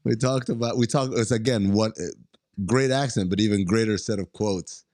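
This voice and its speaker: A man co-hosting a podcast in relaxed casual chat who laughs often. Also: fairly low pitch, normal speed, dry recording, studio quality. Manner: laid-back, laughs often. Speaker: podcast co-host.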